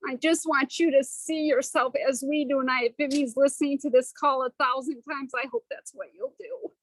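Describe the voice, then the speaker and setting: Woman, high voice, dry close sound; affectionate, emotional encouragement on a video call. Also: normal speed, no echo, low-quality recording. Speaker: study group participant.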